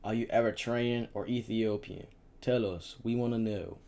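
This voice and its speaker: A man doing a menacing male soldier commander in a storybook reading. He barks his threats in a loud, harsh shout over a low voice. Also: lively intonation, moderate pace. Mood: threatening. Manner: barking and threatening.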